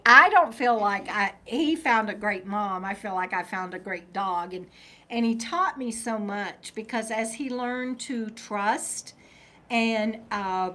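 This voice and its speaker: A woman's voice: medium pitch, a bit bright. A middle-aged woman chatting casually on a live stream, rambling and breaking off to talk to her dog. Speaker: vlogger reading live chat.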